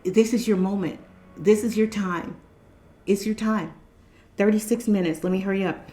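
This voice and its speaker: A woman's voice: medium pitch, fairly even intonation, normal speed, warm tone, reverberant, soft background music. A woman in her fifties giving a casual, emphatic spiritual pep talk to her viewers, repeating her points. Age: 50s. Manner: repetitive, emphatic, exhorting. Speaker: spiritual channel host.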